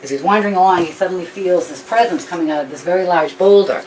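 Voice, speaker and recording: A woman's voice: lowish voice, quick pace, a little mellow. A woman retelling a story informally, rambling with frequent ums and restarts. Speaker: author telling her story. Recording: distant mic with faint background noise.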